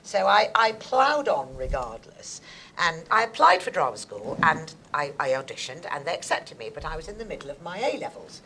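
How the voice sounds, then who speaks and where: A woman in her sixties with a posh English accent, an actress telling her life story in a lively, theatrical way. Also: sits low, moderate pace, a little hiss or hum, rough recording. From England. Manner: animated, theatrical, acts out other people's voices. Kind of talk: conversational storytelling on stage.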